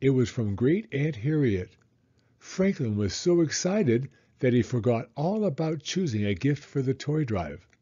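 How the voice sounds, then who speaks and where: Man, children's story read-aloud, animated pitch, muffled recording. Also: measured pace, husky. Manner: expressive, animated reading. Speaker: children's book reader.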